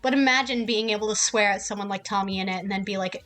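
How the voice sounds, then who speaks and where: A woman's voice: medium pitch, steady tone, fast talker, hardly any pauses, fairly bright tone, faint music behind. A woman streaming a game, ranting casually with heavy swearing. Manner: profane and heated.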